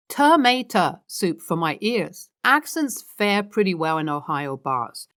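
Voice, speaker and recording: A woman narrating, reading a series of online posts aloud in a steady, scripted way. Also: medium pitch.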